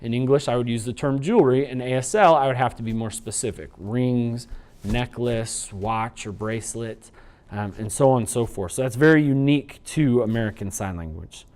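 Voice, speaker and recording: A man teaching a sign language training unit in an instructional lecture, explaining patiently and slowing down to demonstrate. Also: mid-range voice. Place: training video recording.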